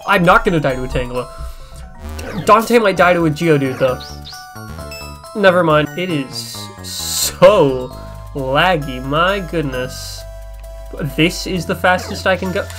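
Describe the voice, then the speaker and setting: A man's voice: a little high, slow, pauses often. Swearing, joking man playing a game. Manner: crude joking, frequent swearing, sudden excited outbursts. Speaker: let's play gamer. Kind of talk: casual gameplay commentary. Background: faint game soundtrack music.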